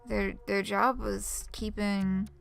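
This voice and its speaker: A woman streaming a game, chatting casually with her viewers and thinking out loud. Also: mid-range voice, flat delivery, takes it slowly, vocal fry, soft background music. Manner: chatty, giggly, talks to chat. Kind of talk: casual let's-play chat.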